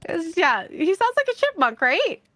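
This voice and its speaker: A woman's voice: very high voice, very animated, normal speed, pushed and bright, slight background noise. Chatty woman hosting a live stream. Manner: chatty, laughs often, many fillers. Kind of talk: casual group chat on a live stream.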